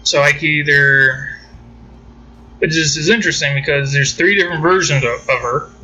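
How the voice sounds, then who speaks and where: A man's voice: fairly high pitch, moderate pace, pushed and bright, highs cut off. A man chatting loosely through mobile game commentary, wandering from point to point as he clicks through menus. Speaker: gaming channel host.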